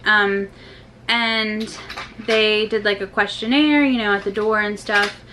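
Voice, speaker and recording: A woman's voice: mid-range voice, fairly even intonation, slow pace, sharp tone, slight background noise, poor audio. A young woman and mother talking casually to her viewers in a family vlog, chatty and full of loose asides. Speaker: vlogger and mother.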